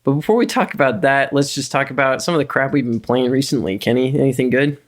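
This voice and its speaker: A man's voice: mid-range voice, quick pace. A man co-hosting a board game podcast, chatting casually and teasing playfully. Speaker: podcast co-host. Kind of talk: casual chat.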